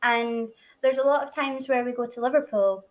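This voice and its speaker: A woman's voice: on the high side, moderate pace, muffled recording. A woman with a Scottish accent hosting a casual chat, chatty and laughing often between remarks. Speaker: host.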